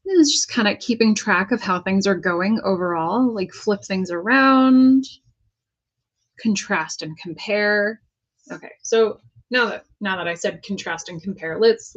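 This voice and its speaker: A woman's voice: medium pitch, dull audio. Chatty American woman painting at her desk. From United States. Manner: chatty, self-talking while working, jokey asides. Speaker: prop painter. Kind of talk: casual crafting vlog talk.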